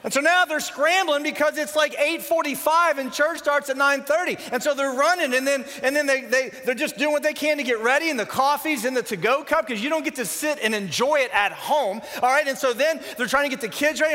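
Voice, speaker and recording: A man in his forties preaching a sermon, telling animated stories and acting out scenes. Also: very high-pitched, fast talker, hardly any pauses. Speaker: pastor. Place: large church worship center. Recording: long hall reverb.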